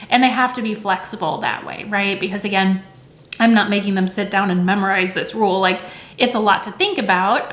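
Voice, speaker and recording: A woman's voice: mid-range voice, a bit bright, reverberant. A woman teacher explaining reading rules in a conversational way, often checking in with "right?" and saying sounds aloud to demonstrate. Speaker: teacher and educator.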